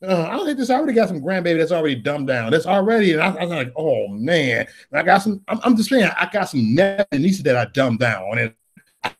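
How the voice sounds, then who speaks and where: A middle-aged man, ranting on a political livestream, loud and preachy, rising to shouts. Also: a little high, very animated, fairly quick.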